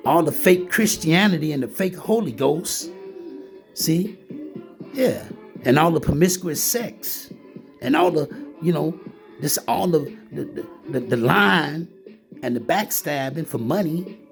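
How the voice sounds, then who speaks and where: A vlogger with a slightly high, creaky, darkish voice rants heatedly and repetitively. He addresses the listener directly, frequently calling him "man."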